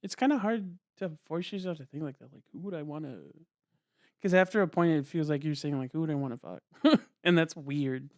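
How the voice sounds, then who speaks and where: A man's voice: fairly high pitch, normal speed, darkish tone, dry recording, studio quality. A young man co-hosting a podcast in loose, casual chat. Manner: loose, laughs easily. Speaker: podcast co-host.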